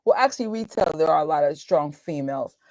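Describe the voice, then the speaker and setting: A woman in her forties, hosting a movie watch party, talking in a chatty, animated and exclamatory way. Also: sits low, fast, no room sound, studio quality. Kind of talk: casual chat.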